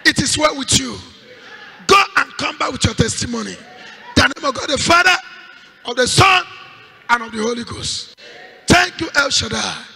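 A Nigerian pastor leading a fervent vigil, shouting prayer declarations and calling out for the congregation to answer back. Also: male voice, extremely high pitch, moderate pace, gravelly, pauses often, some chatter behind. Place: large church hall at a night vigil. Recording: reverberant church hall.

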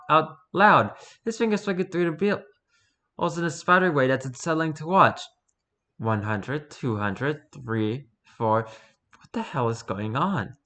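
A man casually reading a spooky first-person story aloud, relaxed and unpolished, stumbling and correcting himself as he goes. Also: fairly high pitch. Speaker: story reader.

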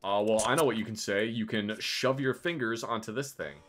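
A man's voice: fairly low pitch, fairly quick, noisy background. A man streaming a game live, chatting in a playful, teasing way and bantering like a stern border official.

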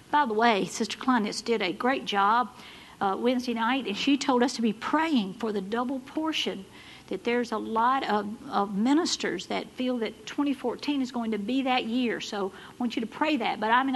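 A woman with a drawl preaches from the pulpit, her voice pitched high. She swells from conversational asides into loud, fervent exhortation. A faint noise floor sits under the church recording. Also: low-quality recording. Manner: builds to fervent, loud exhortation with Southern turns of phrase. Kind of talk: sermon. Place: church sanctuary.

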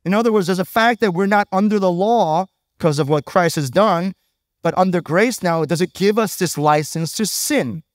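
A man's voice: high-pitched, moderate pace, dry recording, clean studio sound. A male pastor preaching a sermon in a conversational way, often checking in with the congregation by asking "right?".

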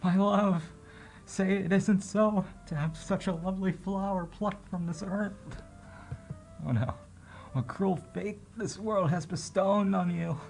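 A man's voice: high voice, unhurried, vocal fry, few pauses, darkish tone, faint music behind, voice pushed up. A man voicing a theatrical fiancé, grieving in a melodramatic, overwrought way. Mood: melodramatic grief. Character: grief-stricken theatrical male fiancé.

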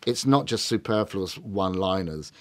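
Animated man retelling a film. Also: low voice, moderate pace. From Britain. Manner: animated, acts out quoted lines in varied voices. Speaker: film reviewer. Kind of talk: casual film review chat.

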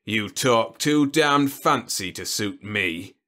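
A man voicing a gruff, hostile frontier man with a deep, grating rasp and a slow, menacing drawl. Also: animated, sharp tone, full character voice. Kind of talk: audiobook character voice.

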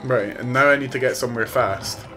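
A man's voice: mid-range voice, fairly quick, music in the background. Jokey, swearing man gaming with a friend. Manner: jokey, swears freely, laughs at himself. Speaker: co-host playing a video game. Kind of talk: casual let's-play banter.

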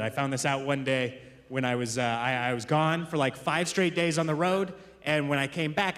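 A male stand-up comedian telling animated stories to a live audience. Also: fairly high pitch. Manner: animated storytelling. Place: comedy club stage. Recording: echoey venue with audience noise.

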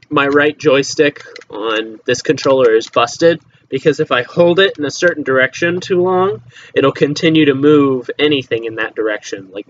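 Teen boy, casual vlog chat, rambling and offhand, medium pitch, muffled laptop mic. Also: slight background noise. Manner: rambling, offhand, swears casually, trails off into mutters. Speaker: vlogger. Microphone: laptop microphone.

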